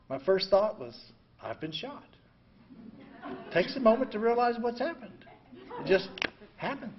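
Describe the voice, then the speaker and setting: Older man, rambling recovery talk. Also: high-pitched. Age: 70s. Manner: blunt and self-mocking, full of "you know"; swings between quiet reflection and loud outbursts. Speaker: recovery meeting speaker. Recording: dull lo-fi recording.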